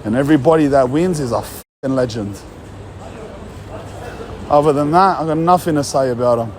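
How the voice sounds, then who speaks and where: A man's voice: medium pitch, moderate pace, darkish tone, slight background noise. A young Australian man ranting casually in a blunt, heated, mocking way, swearing often. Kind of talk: casual rant.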